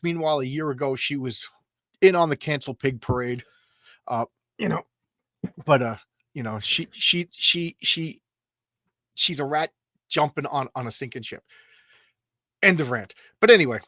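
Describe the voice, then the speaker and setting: A man's voice: fairly high pitch, lively intonation, normal speed, sharp tone, no room sound. A man hosting a live comics stream, talking casually in a rambling, emotional way with frequent stammers and restarts. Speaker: comics channel host.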